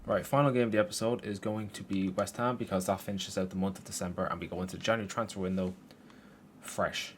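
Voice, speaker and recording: Low-voiced and steady but quick, a young man curses his way through commentary on a football game he's playing in his room, blowing off steam at the players and the game itself for his YouTube gaming channel. There's slight background noise.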